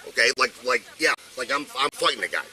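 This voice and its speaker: A middle-aged man with a Buffalo accent, slurring a little from drink, rants at police and swears. His voice is very bright and sharp. The sound is captured on an officer's body camera. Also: medium pitch, lively intonation, fast talker, low-quality recording. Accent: Buffalo, New York. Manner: agitated, swearing, name-dropping. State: intoxicated. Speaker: detained judge. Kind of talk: heated argument with police. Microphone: police body-worn camera.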